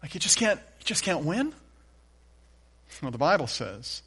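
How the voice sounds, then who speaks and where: A pastor preaching a sermon, reading scripture aloud with emphatic repeated refrains. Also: male voice, a little high, sing-song, unhurried, pauses often, pushed and bright, breathy edge.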